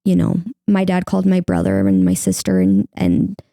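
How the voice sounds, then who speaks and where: Young woman guest, creaky mellow voice, candid and chatty, close dry podcast mic. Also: a bass voice, big pitch swings, moderate pace, no room sound. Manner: candid, heavy use of "like", acts out her own past words. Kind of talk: emotional personal interview.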